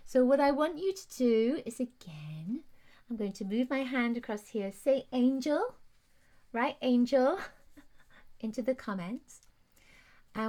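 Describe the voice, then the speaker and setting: A woman's voice: medium pitch, a little mellow. A woman hosting a live angel card reading, gushing and soothing, reading viewer comments aloud and at times close to tears. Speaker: intuitive card reader hosting a live stream.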